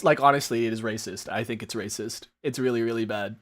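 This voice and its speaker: A man hosting a casual live stream, animated and exasperated, who swears often and keeps laughing mid-sentence. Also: mid-range voice, fairly quick, hardly any pauses, slight background noise. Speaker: streamer host.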